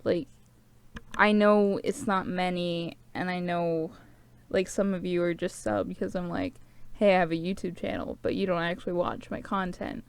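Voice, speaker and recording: A woman's voice: fairly low pitch, flat delivery, normal speed, creaky, smooth. A young woman vlogging to camera, sniffling and tearful, rambling with lots of "like" fillers. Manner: rambling, heavy use of "like". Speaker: small-channel vlogger. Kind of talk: rambling casual to-camera chat.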